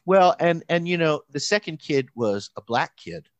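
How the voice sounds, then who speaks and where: A man, a pastor and camp counselor, telling a story in casual chat, animated and halting, with many restarts and quoted voices. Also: fairly high pitch, dry recording, dull audio.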